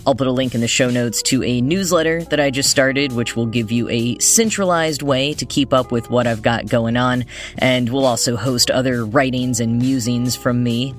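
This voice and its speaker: A man's voice: mid-range voice, normal speed, faint music behind. Man reading a podcast news segment. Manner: reads quotes aloud, dry wry asides. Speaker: podcast host.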